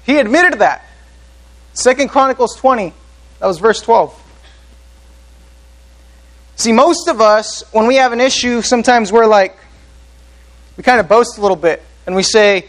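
A man's voice: extremely high pitch, expressive, unhurried, pauses often, fairly bright tone, low-quality recording. A man preaching a sermon as pastor, earnest, often putting questions to the congregation.

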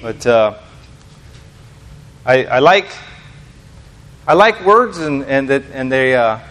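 A man's voice: mid-range voice, sing-song, slow pace, a bit bright. Rambling American man giving a church talk. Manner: rambling, self-deprecating, many fillers and restarts. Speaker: lay preacher. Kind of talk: informal sermon.

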